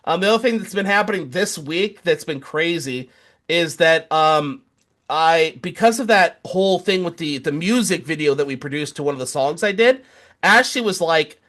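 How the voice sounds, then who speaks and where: A man's voice: fairly high pitch, animated, moderate pace, fairly bright tone. A man co-hosting a casual podcast, telling rambling stories with stammered restarts and sarcastic jokes. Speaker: podcast co-host.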